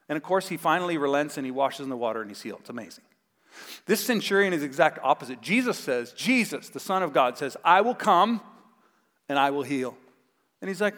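A man preaching a sermon as pastor, telling a Bible story with animated acted-out voices. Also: high-pitched, a little fast. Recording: long hall reverb.

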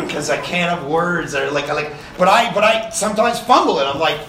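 A man with a high, bright voice preaches to a camp crowd in a casual, energetic way, asking the listeners questions as he goes. He stands away from the microphone, and the hall around him rings with echo. A faint murmur of the room sits underneath. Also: moderate pace, far from the mic, noisy background. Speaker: pastor. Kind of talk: sermon. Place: summer camp meeting hall. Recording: echoey room, speaker off-mic.

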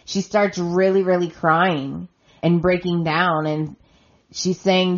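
A podcast host chats casually as she recaps a soap opera, retelling scenes and quoting lines. Her voice is on the low side with a steady tone, and she takes it slowly. The audio sounds dull.

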